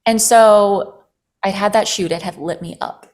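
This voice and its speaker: A woman guest on a podcast, telling a personal story in casual conversation. She is animated, leans on "like" as filler, and swears freely. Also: medium pitch, unhurried.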